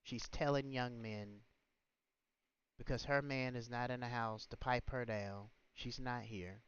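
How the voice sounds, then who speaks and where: Male livestream host, mid pitch, smooth voice; indignant rant; dull lo-fi sound. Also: steady tone, a little slow, fairly bright tone. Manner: indignant, rhetorical, scolding. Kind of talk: ranting livestream commentary. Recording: muffled, lo-fi stream audio.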